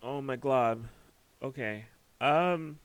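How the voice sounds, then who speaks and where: A man's voice: mid-range voice, slow, smooth, no room sound. A man giving a spiritual tarot reading, emotional and close to tears, who keeps breaking off mid-sentence to compose himself. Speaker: tarot reader.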